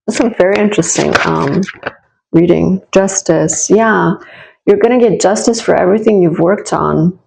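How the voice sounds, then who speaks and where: This tarot reader has a lowish, gravelly voice at normal speed, and the audio is poor. She talks directly to the listener in a warm, reassuring, encouraging way, giving a casual reading that rambles with lots of restarts and asides as each card turns.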